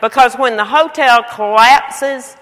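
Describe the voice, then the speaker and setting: A woman preacher voicing her calm, matter-of-fact husband who wants to go back to sleep. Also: fairly high pitch, slow. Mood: deadpan. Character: calm, unbothered middle-aged husband. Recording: long hall reverb.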